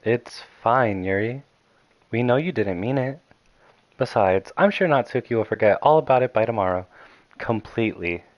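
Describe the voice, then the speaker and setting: Brief: man doing a meek young club president girl, soft-spoken, a little lower and quieter than his own voice, dry sound. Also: lively intonation, normal speed, no room sound, highs cut off, natural voice. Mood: gentle. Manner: soft, apologetic and soothing. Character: gentle indecisive young female club president.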